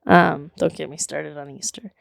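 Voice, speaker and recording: A woman in her thirties chatting casually on a podcast, telling stories in an animated way with lots of "like" and "literally", swearing now and then. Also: sits low, moderate pace, gravelly, no room sound, studio quality. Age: 30s. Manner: animated, filler-heavy storytelling with frequent "like" and "literally". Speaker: podcast co-host. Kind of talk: casual chat.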